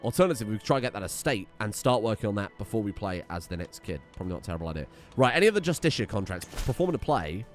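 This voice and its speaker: A young man gives casual, excitable commentary over his gameplay, thinking aloud and swearing freely. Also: on the low side. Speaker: let's play host.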